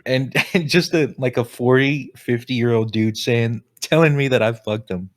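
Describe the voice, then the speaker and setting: A man's voice: medium pitch, a little slow. A young man co-hosting a casual podcast, telling a story with lots of laughter and swearing. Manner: laughs often while telling stories; swears freely. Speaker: podcast co-host. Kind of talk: casual chat.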